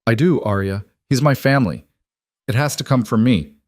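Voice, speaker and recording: A man's voice: mid-range voice, animated, moderate pace, darkish tone, dry recording, studio quality, close to an everyday voice. A man voicing a weary, terse mafia boss. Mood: resolute. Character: weary middle-aged mafia boss, guarded.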